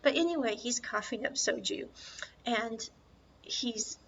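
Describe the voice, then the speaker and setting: A woman's voice: a little high, unhurried, lo-fi sound, slight background noise. Chatty woman podcaster recapping a film. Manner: chatty, lively storytelling with asides. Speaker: podcast host.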